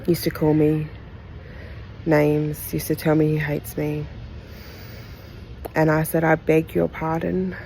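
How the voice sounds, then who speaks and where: A woman from Australia hosting a podcast, giving a candid, heartfelt retelling of a personal story in halting phrases with pauses. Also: low-pitched, monotone, dark tone, a little hiss or hum, low-quality recording. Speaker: podcast host.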